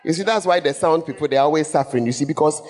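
A man preaching a lively sermon, laughing often and acting out the scripture passages he quotes. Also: fairly high pitch, very fast, crowd noise. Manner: animated, laughing, acts out quotes. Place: church hall. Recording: echoey church hall.

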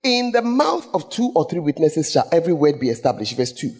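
A man preaching a lively sermon, laughing often and acting out the scripture passages he quotes. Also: a little high, fairly quick, breathy edge. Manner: animated, laughing, acts out quotes. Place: church hall. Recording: echoey church hall.

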